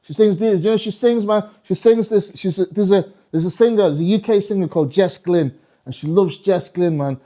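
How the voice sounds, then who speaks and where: A man from the UK performing a live stand-up comedy set, animated and swearing, with a stage mic in a comedy club. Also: high voice, a little fast. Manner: animated, swearing, slips into mock French voices.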